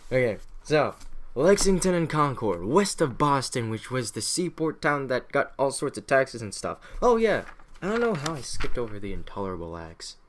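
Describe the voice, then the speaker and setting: Speaking at a normal pace but with lots of energy, the young male podcast host goofs his way through history, swearing freely and slipping into slangy mock voices. It's a medium-pitched voice captured on a home podcast mic, with a little hiss or hum underneath.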